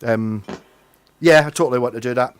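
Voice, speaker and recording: A man's voice: medium pitch, fairly quick, smooth. Man chatty Scottish livestream host. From Scotland. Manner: rambling, chatty, self-deprecating storytelling with trailing restarts. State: tipsy. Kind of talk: casual chat with chat readers.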